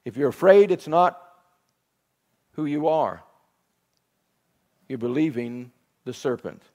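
A man preaching a sermon in emphatic, repetitive phrases, with soft instrumental music behind him. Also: a little high, takes it slowly.

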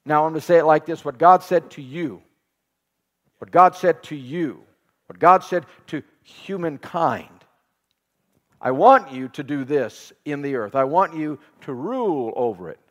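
A male pastor preaches a sermon with a slightly raised pitch. He repeats his phrases and asks the congregation questions. His voice rings out with a long reverb, as in a church hall. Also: expressive, a little slow, lo-fi sound. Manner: laughs while telling a home story.

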